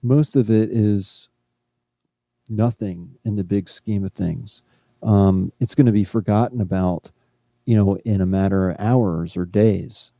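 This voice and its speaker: A man's voice: lowish voice, unhurried, warm tone, no room sound. A man co-hosting a podcast, talking in a casual, reflective way with many "you know" fillers. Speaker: podcast co-host.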